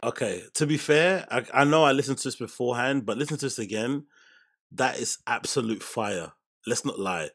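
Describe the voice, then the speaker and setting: Brief: male reaction host, husky and gravelly, rambling and profane. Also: mid-range voice, normal speed, fairly bright tone, faint music behind. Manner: rambling, profane, stops and restarts often. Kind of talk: casual reaction commentary.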